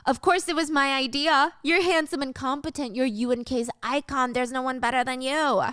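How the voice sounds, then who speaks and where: Lady playing a suck-up manager guy, eager and flattering. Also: high-pitched, normal speed, clean tone, no echo, studio quality, voice pushed up. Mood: fawning. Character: fawning middle-aged male office manager.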